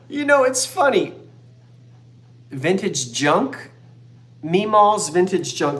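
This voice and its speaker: Fifties guy rambling thru a live antique sale, kinda high voice, echoey room. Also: lively intonation, slow, pauses often, fairly bright tone. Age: 50s. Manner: rambling, joking, reads out viewers' comments. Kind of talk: chatty live-stream sales talk.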